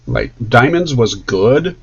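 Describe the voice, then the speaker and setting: Man, husky voice, casual stream chat, rambling and enthusiastic, dull lo-fi audio. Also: medium pitch, big pitch swings, takes it slowly. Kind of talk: casual chat while drawing.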